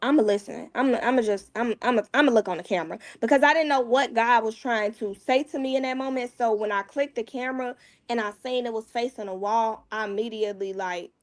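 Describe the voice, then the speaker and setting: A mother appearing as a guest shares a painful personal story, speaking candidly and casually at a brisk pace. She often drops her voice low.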